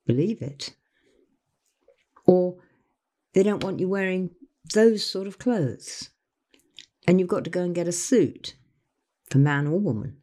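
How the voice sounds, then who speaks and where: Older woman, motivational coach, mellow tone, lively pitch. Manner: earnest, acts out other people's voices when quoting them. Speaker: life coach. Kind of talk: motivational talk to camera.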